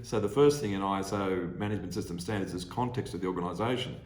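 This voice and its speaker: A man's voice: sits low, fast, darkish tone, reverberant. A man in his sixties with an Australian accent, a guest telling workplace anecdotes in a rambling way, full of restarts. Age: 60s. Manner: rambling, many restarts, acts out quoted people. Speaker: guest consultant. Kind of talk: anecdotal storytelling.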